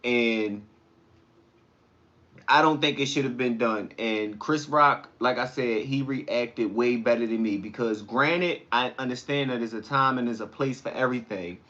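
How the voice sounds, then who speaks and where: A man hosting a casual livestream, chatting with viewers and telling stories in a slangy, animated way. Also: medium pitch, measured pace, dull audio. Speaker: livestream host. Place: home kitchen.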